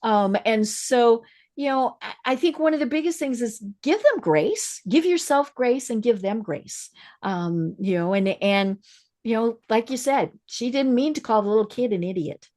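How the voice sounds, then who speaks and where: A woman hosting a podcast, talking frankly about personal experiences and listening with steady agreement. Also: on the high side, moderate pace. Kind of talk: casual podcast conversation.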